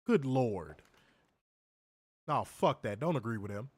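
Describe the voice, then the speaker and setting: A man co-hosting a wrestling review, his voice worn and hoarse, ribbing his co-host with profane mock threats. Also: mid-range voice, expressive, slow pace, darkish tone, no echo, clean studio sound. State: losing his voice. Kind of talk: casual podcast banter.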